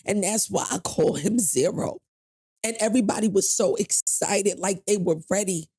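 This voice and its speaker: A woman's voice: mid-range voice, normal speed, warm tone, breathy edge, no room sound. A middle-aged woman guest on a podcast, retelling a painful personal story in a blunt, profane, emphatic way.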